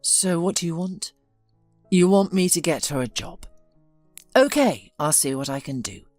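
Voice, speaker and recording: A woman's voice: fairly low pitch, measured pace, a little mellow, dry recording, soft background music, close to an everyday voice. A woman voicing a tired, impatient businessman son who talks in a dismissive way. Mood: weary.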